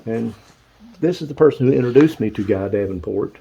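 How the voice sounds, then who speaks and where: A man's voice: medium pitch, animated, brisk, vocal fry, dark tone, breathy edge, highs cut off. An older man, casually showing photos and books, rambling and stopping to recall names. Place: dark room at home.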